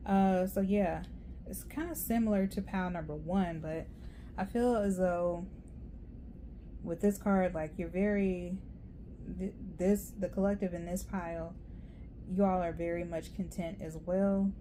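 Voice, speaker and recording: A woman talks through a tarot reading in a loose, rambling way, often laughing at herself. Her voice sits low and mellow. A faint hiss of noise runs under the recording. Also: steady tone, a little slow. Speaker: tarot reader.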